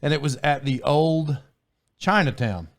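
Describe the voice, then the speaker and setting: A man's voice: on the high side, lively intonation, a little slow, vocal fry. A man hosting a podcast in casual chat, telling a rambling story with frequent laughs and sidetracks. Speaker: podcast host.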